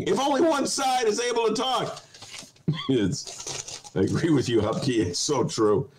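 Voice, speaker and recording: Male talk host, casual comic riffing, pitch swinging all over, slightly high voice. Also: moderate pace, slight background noise, low-quality recording. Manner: animated, digressive, often breaking into laughter. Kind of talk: casual comedic commentary.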